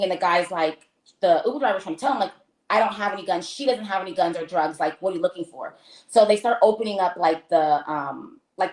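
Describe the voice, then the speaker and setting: An American woman telling a travel story in casual talk, acting out the voices of the people in it, with many fillers. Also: mid-range voice. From United States. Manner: animated, acts out quoted dialogue, many fillers. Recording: roomy echo.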